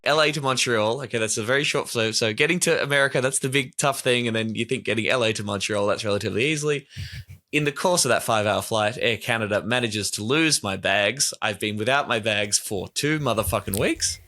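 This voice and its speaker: A man co-hosting a podcast, his voice bright and pushed forward. He jokes and swears freely through loose political banter. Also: on the low side, fairly quick. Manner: jokey, swears freely, puts on silly accents. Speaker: podcast co-host. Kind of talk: casual comedic political chat.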